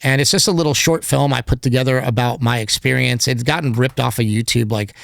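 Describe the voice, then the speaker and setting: A man's voice: medium pitch, steady tone, a little fast, creaky, a bit bright, no room sound. A man speaking as a podcast guest in casual interview talk, candid and rambling, with lots of filler words. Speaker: podcast guest, documentary filmmaker.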